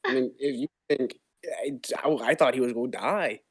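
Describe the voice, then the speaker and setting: A man's voice: mid-range voice, normal speed, husky. A teenage boy co-hosting a casual podcast, telling a funny school story with frequent laughter. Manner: laughing, jokey retelling. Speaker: podcast co-host.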